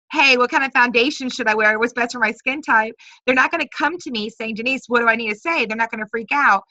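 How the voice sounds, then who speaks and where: A woman's voice: a little high, bright, forceful tone, dry recording, dull audio. A woman team leader giving upbeat, chatty coaching on a video conference call, acting out sample messages.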